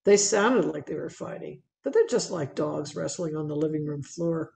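Gravelly woman giving a slide talk. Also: deep voice, moderate pace, echoey room, slight background noise. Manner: conversational and animated, with fillers and repeats. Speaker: wildlife speaker presenting slides. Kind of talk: public talk narrating photos.

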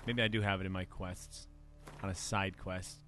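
A man's voice: deep voice, fairly even intonation, moderate pace, pushed and bright. A man casually commenting on his own video game playthrough, joking and talking back to the characters on screen. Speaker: gameplay commentator. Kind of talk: let's play commentary. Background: game music.

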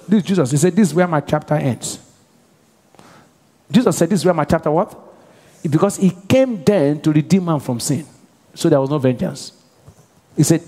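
A man preaching a sermon as pastor, with call-and-response questions to the congregation and bursts of shouted prayer. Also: fairly high pitch. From Nigeria. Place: large church hall. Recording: live church hall reverb.

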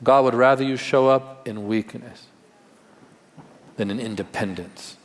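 In a large church auditorium, a pastor with a medium-pitched voice preaches a live Sunday sermon at a measured pace. He's conversational and emphatic, with wry humor, and long hall reverb fills the live recording.

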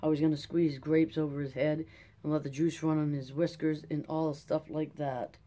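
A reader doing a brash young man who knows cars and is proud of it. Brisk and self-important, with a mellow, dark tone. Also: mid-range voice, level tone, close to an everyday voice. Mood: cocky. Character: eager young farm mechanic, proud man. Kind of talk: audiobook character reading.

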